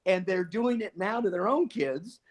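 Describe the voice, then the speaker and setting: An older man with a fairly high-pitched voice talks in a relaxed conversational way. He is a retired police chief who tells earnest personal stories, laughing easily and often stopping to restart a sentence. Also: normal speed. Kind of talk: casual conversational storytelling.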